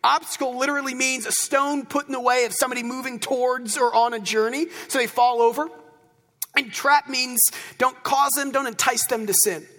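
A pastor preaching a sermon in a church auditorium, animated and conversational, with asides to the congregation. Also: male voice, extremely high pitch, a little fast, big-room sound.

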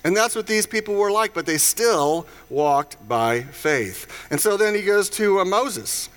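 A man preaching in a relaxed, conversational way, retelling scripture stories with playful voiced asides. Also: high voice, unhurried, smooth. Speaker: pastor. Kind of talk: casual sermon.

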